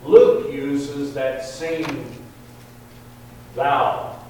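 Slow-preaching man in an echoey hall. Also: medium pitch, sing-song, dark tone. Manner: slow, deliberate, rising emphasis on quoted verses. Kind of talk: sermon. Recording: very echoey hall, distant mic, faint hum.

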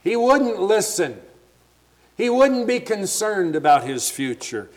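A man's voice: sits high, very animated, slow pace. A man preaching a sermon, retelling scripture in everyday words and stumbling over restarts as he thinks aloud.

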